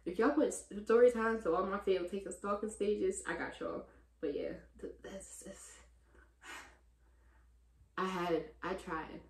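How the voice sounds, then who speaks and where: A woman in her twenties runs a relaxed Q&A vlog, chatting straight to her viewers and calling them y'all. When something annoys her she gets loud and animated. Her voice sits at a middle pitch and carries a roomy echo. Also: unhurried, long pauses. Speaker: vlogger answering viewer questions. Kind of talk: casual Q&A vlog chat.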